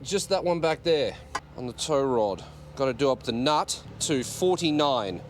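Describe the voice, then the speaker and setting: A medium-pitched, expressive voice at a measured pace is heard over music. The speaker, a car vlogger, self-films under a car in his garage with an external mic on an action camera, grumbling, swearing at the task, and making self-deprecating jokes.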